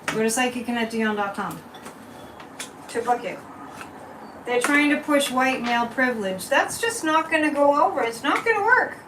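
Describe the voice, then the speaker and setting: Speaking at normal speed in a high-pitched, expressive voice, a psychic reader hosting her own channel does a relaxed livestream card and tea leaf reading, rambling to viewers. She's recorded far from the mic, so the sound is roomy and noisy.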